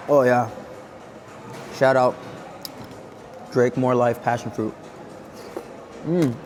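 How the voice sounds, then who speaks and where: A man vlogging a casual food review at a hotel buffet, chatting as he tastes and humming contentedly between bites. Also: medium pitch. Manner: chatty, savoring each bite with contented hums. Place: indoor hotel buffet restaurant. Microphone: camera-mounted shotgun mic.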